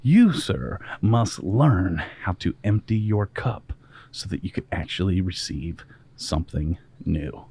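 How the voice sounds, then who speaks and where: A man doing a calm, wise old master. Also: sits low, breathy edge, voice pushed down, exaggerated voice. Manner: calm, measured.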